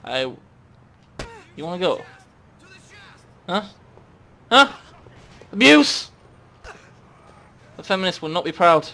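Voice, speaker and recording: A young man doing loud, excitable game commentary, often yelling at the screen. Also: high voice, measured pace, long pauses. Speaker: gaming YouTuber.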